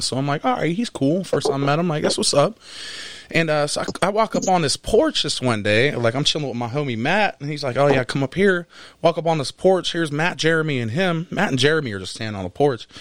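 A man's voice: fairly high pitch, no room sound. A man in casual podcast chat, telling a story with lots of swearing and laughter. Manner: animated storyteller, swears freely, laughs often. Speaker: podcast co-host.

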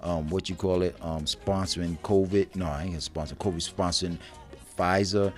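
A man co-hosting a casual chat show, animated and laughing, talking in loose street slang. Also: deep voice, a little fast, soft background music. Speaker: co-host.

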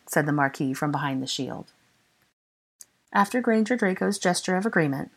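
A woman reading a fan-written novel aloud as narrator, expressive and unhurried. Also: low voice. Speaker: fan audiobook reader. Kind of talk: storybook narration.

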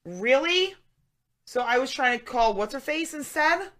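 A woman's voice: high voice, lively intonation, unhurried, a bit bright. A woman co-hosting a podcast in casual chat, bickering in an exasperated way and swearing freely. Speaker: podcast co-host.

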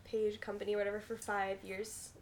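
A woman's voice: medium pitch, monotone, brisk, slight background noise. A woman in her twenties, a podcast guest, chatting casually and hedging with fillers. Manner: laid-back, hedging with fillers. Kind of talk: casual chat.

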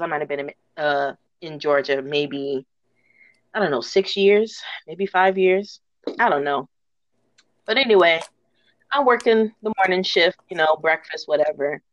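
A woman hosting a podcast, telling rant stories in a lively, slangy, laughing way. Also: fairly low pitch, measured pace, no room sound. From northern United States. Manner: animated, slangy, laughing storyteller. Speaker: podcast host. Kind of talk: casual storytelling rant. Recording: dull lo-fi recording.

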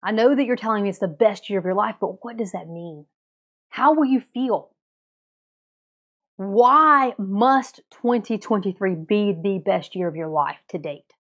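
An energetic woman hosts a motivational podcast episode. She talks straight to her listeners and coaches them with one direct question after another. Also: medium pitch, a little slow. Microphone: podcast mic, also filmed.

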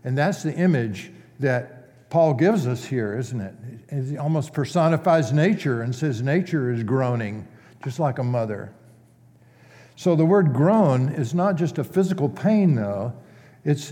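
A male pastor preaching in a relaxed, conversational way, asking his congregation questions as he teaches. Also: mid-range voice. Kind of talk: sermon. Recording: long church reverb.

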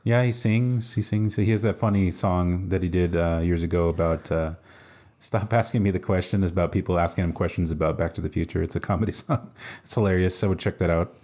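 A man hosting a podcast, rambling in relaxed, casual chat with plenty of fillers. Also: deep voice, a little fast. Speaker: podcast host.

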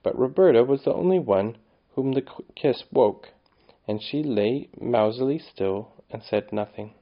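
A man's voice: mid-range voice, lively intonation, unhurried. Man reading a storybook aloud. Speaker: narrator. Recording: slightly dull lo-fi recording.

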